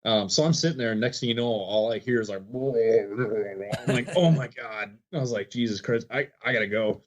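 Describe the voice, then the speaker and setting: A man's voice: medium pitch, fast talker, highs cut off. A man telling a long story on a podcast as a guest, acting out quotes and laughing often. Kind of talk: casual storytelling.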